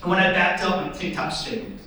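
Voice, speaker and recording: A man's voice: high voice, moderate pace, bright, forceful tone. A young man doing stand-up comedy, telling stories in a casual, rambling way. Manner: casual, storytelling, filler-heavy. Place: theatre stage. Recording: echoey theatre, voice from a distance.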